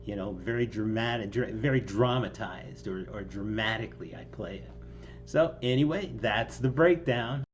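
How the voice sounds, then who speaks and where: A man's voice: fairly low pitch, moderate pace, highs cut off, faint music behind. A man talking casually through the lines of his own song, with lots of ums and restarts and a self-mocking tone. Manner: rambling and self-deprecating, with many ums and restarts, laughing now and then. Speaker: songwriter explaining his song. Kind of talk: casual line-by-line song breakdown.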